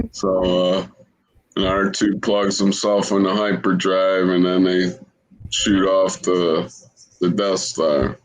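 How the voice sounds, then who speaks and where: A man's voice: sits low, very slow, pauses often, low-quality recording. A man co-hosting a podcast in casual chat, talking hesitantly with many fillers. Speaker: podcast co-host.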